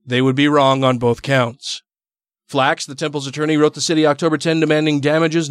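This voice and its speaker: A man hosting a casual podcast, reading a news story aloud and adding sarcastic asides. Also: mid-range voice. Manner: sarcastic, laughs often. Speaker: podcast host.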